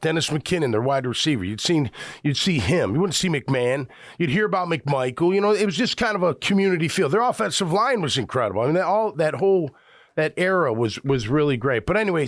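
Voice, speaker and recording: Middle-aged male sports radio host from Chicago, rambling storyteller, lively pitch, dry close mic. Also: dry recording. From Chicago area. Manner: rambling, animated, frequent restarts. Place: radio studio.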